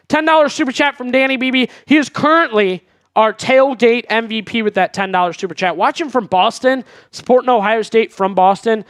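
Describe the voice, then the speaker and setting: A man's voice: extremely high pitch, fairly quick, fairly bright tone, clean tone, no echo, studio quality. A man hosting a live sports stream in casual chat, reading viewer messages and chatting about the team. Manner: chatty, reads viewer super chats aloud. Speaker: sports show host.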